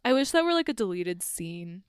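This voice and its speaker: A woman's voice: fairly low pitch, very animated, moderate pace, clear, resonant tone, no echo, studio quality. A woman chatting about a TV show in an earnest, rambling way, full of "like". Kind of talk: casual chat about a TV show.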